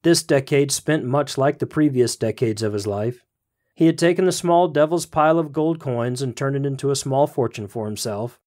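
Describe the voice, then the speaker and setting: A man podcast host reading a story aloud in a measured storytelling manner. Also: medium pitch, darkish tone. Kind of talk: scripted story narration.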